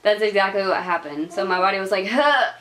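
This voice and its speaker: A woman's voice: mid-range voice, fairly even intonation, fast talker, fairly bright tone. A young woman vlogging, talking casually and chattily to camera, laughing often and using lots of filler words. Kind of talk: casual advice chat to camera.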